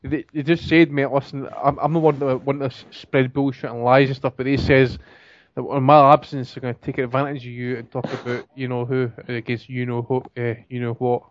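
A man's voice: mid-range voice, little pitch movement, a little fast, dry recording. A man hosting a casual podcast, blunt and bantering, swearing freely. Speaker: podcast host. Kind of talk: casual chat. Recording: dry, dull lo-fi audio.

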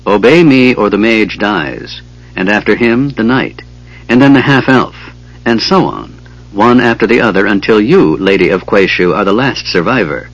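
A cold, mocking dragon speaks smoothly and sneers out her threats, as a man puts her on. The voice sits low and husky, on a dull, lo-fi audiobook recording. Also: expressive, moderate pace. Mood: menacing.

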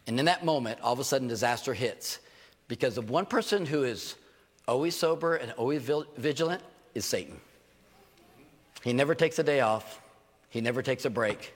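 An older man, a pastor delivering a sermon with animated, joking stories and acted asides. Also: mid-range voice, fairly quick, in a large hall.

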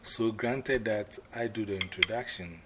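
A man explaining the parts of a planned drumming performance to a fellow performer, halting and restarting as he thinks aloud. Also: on the low side, background noise. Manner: halting, with many fillers and restarts while he plans aloud. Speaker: performer leading a rehearsal.

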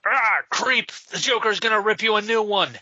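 A man reading aloud and voicing a stoned, panicking male street thug in a higher, shrill voice. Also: normal speed, sharp tone, no echo, exaggerated voice. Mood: freaked out. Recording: slightly dull lo-fi sound.

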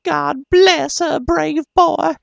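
A man voicing a small, fussing old mother from the American South in an audiobook, with high chirping cries. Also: flat delivery, takes it slowly, creaky, no room sound, full character voice. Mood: tearful.

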